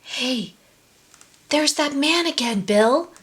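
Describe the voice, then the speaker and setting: A plucky little boy bird from a storybook, eager and excited, with a high, bouncing voice, as a woman puts him on. He sounds brave and quick to act. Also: heavily acted. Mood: hushed.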